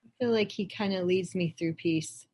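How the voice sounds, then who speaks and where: A woman on a church teaching team speaking calmly and gently on a video call. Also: fairly low pitch, normal speed, slightly rough. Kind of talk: casual discussion on a video call.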